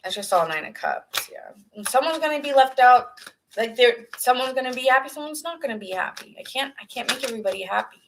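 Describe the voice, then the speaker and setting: A woman's voice: sits high, animated, fast talker, background noise. A woman giving a casual tarot reading, earnest and rambling, sometimes dropping into whispered asides. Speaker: tarot reader.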